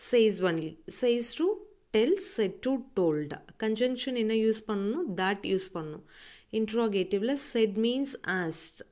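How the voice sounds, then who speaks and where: A woman's voice: mid-range voice, darkish tone. A woman with a Tamil accent teaches English grammar to schoolchildren, switching between Tamil and English and often checking whether they understand. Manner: mixes Tamil and English, addresses children, keeps checking "okay?". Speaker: English tutor.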